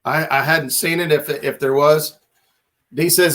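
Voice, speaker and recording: A man's voice: fairly high pitch, fairly even intonation, a little slow, fairly bright tone. A man hosting a casual livestream chat, laid-back and rambling as he reads out viewer comments. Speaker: livestream host.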